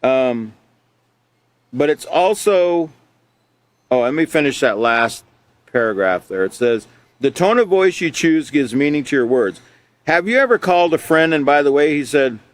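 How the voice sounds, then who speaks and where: A man from Alaska teaching a character education class, reading from a textbook and explaining it in a relaxed, conversational way with frequent fillers. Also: fairly high pitch, dry recording. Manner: relaxed and conversational, many fillers, laughs between points.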